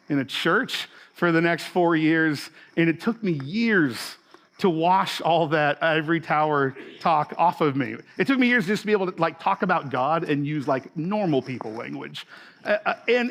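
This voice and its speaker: Man, forties, pastor, sermon, conversational, fillers and restarts, higher voice. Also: a bit bright.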